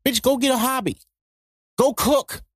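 A man hosts a podcast, talking in a high-pitched voice. He rants in a profane, joking style. The sound is dry and close, with no room echo. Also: measured pace. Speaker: podcast host. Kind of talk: casual monologue.

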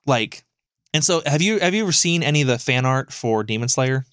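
A man co-hosting a podcast, telling a story in a casual, animated, rambling way with lots of fillers and swearing. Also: mid-range voice, fairly quick, smooth, no room sound, clean studio sound. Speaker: podcast co-host.

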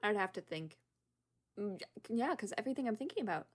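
A young woman with a husky, medium-pitched voice and lively intonation talks at a quick pace as a podcast co-host. In this casual chat she rambles, giggles and laughs in frequent bursts.

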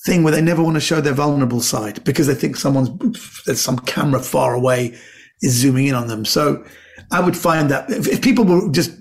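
A man's voice: a little high, vocal fry. A middle-aged man from Britain, a comedian, telling anecdotes in casual chat and acting out the voices of the people in his stories. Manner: animated storyteller, acts out voices, frequent restarts. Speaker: comedian and actor guest.

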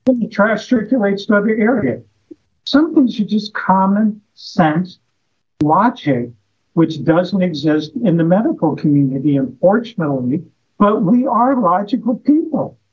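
Male guest, husky, slightly high voice, muffled dull recording, talks in stories and rhetorical questions. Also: lively intonation, unhurried. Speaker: guest, health practitioner. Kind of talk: casual conversation.

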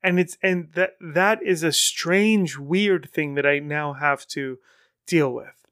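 A man's voice: on the high side, slow pace, fairly bright tone, no echo, studio quality. A man hosting his own podcast in casual, rambling, enthusiastic solo talk. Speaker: podcast host.

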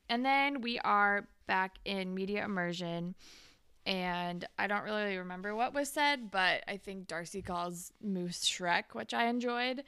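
A young woman co-hosts a podcast, casually recapping a TV episode and performing characters' lines amid frequent laughter. Her voice is medium-pitched and clean, recorded at studio quality with no echo. She's animated throughout.

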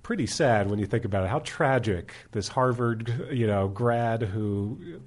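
A man in casual chat, talking thoughtfully with drawn-out phrases and lots of fillers. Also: on the low side, lively intonation.

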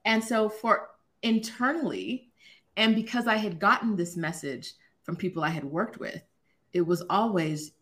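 A woman around forty, a podcast guest, telling a personal story in a casual, animated way and laughing often. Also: medium pitch, measured pace. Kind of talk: casual conversation.

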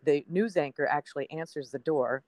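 A woman's voice: deep voice, normal speed, darkish tone, no room sound. Woman in her 60s chatting away on a podcast, acting out the quotes, dry close sound. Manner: chatty storyteller, acts out quoted dialogue. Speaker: TV meteorologist guest. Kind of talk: personal storytelling in a podcast interview.

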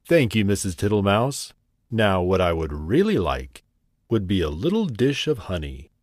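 A man's voice: low voice, very animated, moderate pace, no room sound, clean studio sound. Mr. Jackson, a greedy, smiling toad, voiced by a man. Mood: polite. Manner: cheerful, sing-song and cheeky. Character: fat, wet, smiling male toad, easygoing and greedy.

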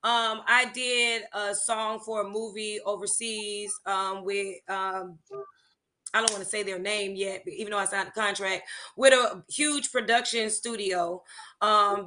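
Bright-voiced woman telling lively stories. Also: medium pitch, measured pace. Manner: animated storytelling with laughter. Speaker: guest, music teacher and songwriter. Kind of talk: casual interview chat.

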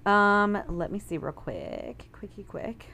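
A woman's voice: mid-range voice, big pitch swings, takes it slowly, noisy background. A woman co-hosting a podcast in casual chat, chatty and giggly, laughing often as she reads listener messages. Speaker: podcast co-host.

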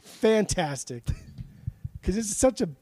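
Socal guy on a podcast, swears a lot, trips over his words, kinda high mellow voice. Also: big pitch swings, slow pace, dry recording. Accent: Southern Californian. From Southern California. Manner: swears freely, frequent restarts and laughs. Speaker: podcast co-host. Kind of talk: casual chat.

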